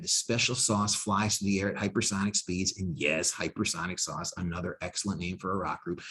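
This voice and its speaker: A man, a rocket scientist, giving a humorous lecture full of wry, self-deprecating asides. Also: lowish voice. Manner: energetic storyteller with quick bursts and drawn-out emphasis.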